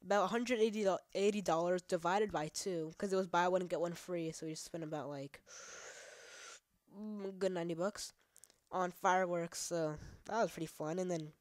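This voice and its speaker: A woman's voice: fairly low pitch, fairly even intonation, moderate pace, no echo. Rambling, foul-mouthed woman gamer, dry sound. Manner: rambling, profane, many fillers; trash-talks the game. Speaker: gaming channel host. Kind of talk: casual let's play commentary.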